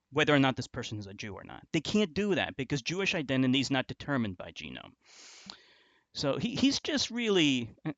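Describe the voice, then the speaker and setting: A man's voice: on the high side, a bit bright, dry recording, highs cut off. A man hosting commentary, talking with contempt and often restarting his sentences. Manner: contemptuous and insulting, with frequent restarts. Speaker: commentary video host. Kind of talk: scornful commentary reacting to an online argument.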